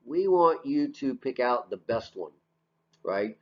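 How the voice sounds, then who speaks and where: A man teaching a recorded lesson, voice at an average pitch. He talks in a casual, conversational way, posing questions and then answering them himself. The audio is muffled and lo-fi. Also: lively intonation, slow pace. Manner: conversational, asks and answers his own questions, frequent "right?". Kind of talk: recorded classroom lecture over slides. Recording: dull lo-fi audio.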